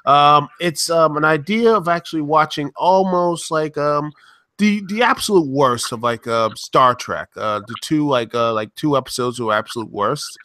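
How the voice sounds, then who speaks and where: A man's voice: on the high side, moderate pace, pushed and bright, slight background noise. A man hosting a casual podcast chat, rambling with lots of ums and restarts. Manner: rambling, many fillers and restarts.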